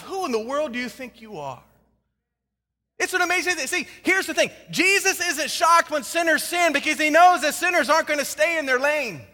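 A man preaching a sermon, telling a personal story in an animated, emphatic way. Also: very high-pitched, normal speed, long reverb tail. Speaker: pastor.

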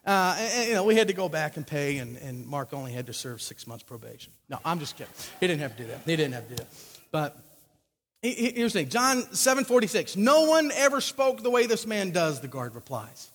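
A man's voice: a little high, lively intonation, quick pace, fairly bright tone, breathy edge, big-room sound. A man preaching a sermon, telling a joking personal story between scripture readings. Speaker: pastor.

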